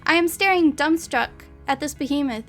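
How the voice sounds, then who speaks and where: A woman's voice: high voice, moderate pace, a bit bright, faint music behind. A young woman reading a story aloud and breaking off for giggly, chatty asides full of "like".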